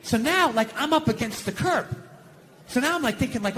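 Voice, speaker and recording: A male stand-up comic on stage, ranting in a very high, sharp, forceful voice. He swears freely and sounds exasperated and animated as he builds his bit. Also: a little fast, slight background noise. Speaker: stand-up comedian. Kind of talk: stand-up comedy routine.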